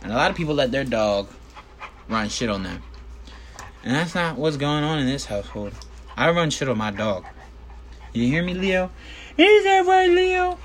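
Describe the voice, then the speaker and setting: A man's voice: a little high, fairly bright tone. A man hosting a casual solo podcast from his bedroom, rambling and joking with plenty of swearing. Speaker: podcast host.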